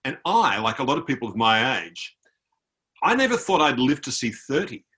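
Speaking at an ordinary speed, the man has a medium-pitched, sing-song voice with a bright, forceful tone. He's an Australian author and guest on a video call, narrating an anecdote conversationally and imitating the people he met along the way.

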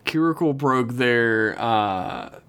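A man's voice: medium pitch, lively intonation, slow pace, a bit bright, clean tone. A man co-hosting a podcast, chatting casually with wry, sarcastic asides. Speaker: podcast co-host. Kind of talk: casual banter.

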